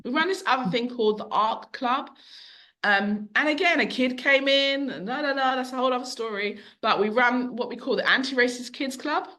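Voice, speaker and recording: A middle-aged woman who owns a bookshop, speaking as a podcast guest and telling long, animated stories. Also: high-pitched, moderate pace. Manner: animated, long-winded storyteller who acts out quotes. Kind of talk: conversational storytelling.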